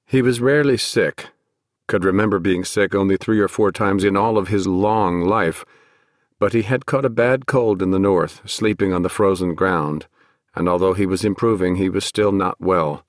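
A man narrating a fantasy novel at a measured, steady pace. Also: deep voice, no echo, clean studio sound. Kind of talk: audiobook narration.

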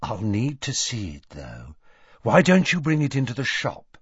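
A man's voice: mid-range voice, wildly swooping pitch, measured pace, husky, dry recording, lo-fi sound, full character voice. A man voicing an oily, stooping, nervous shopkeeper who speaks reluctantly and servilely. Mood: evasive.

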